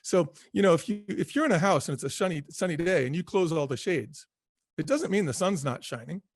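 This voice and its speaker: A man's voice: fairly high pitch, lively intonation, fairly quick, no echo. A middle-aged man, a guest author, talking earnestly and reflectively in an interview, often repeating himself and laughing easily. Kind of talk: conversational interview.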